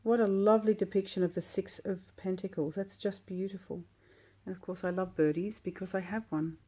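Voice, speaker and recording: A woman calmly unboxing a tarot deck while sitting on her floor, gushing and admiring each card at an unhurried pace. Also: medium pitch. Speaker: tarot vlogger. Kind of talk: relaxed unboxing commentary.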